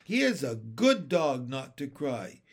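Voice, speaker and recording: A man reading the part of a sweet, gentle young girl who speaks softly and kindly. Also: mid-range voice, sing-song, slow, full character voice.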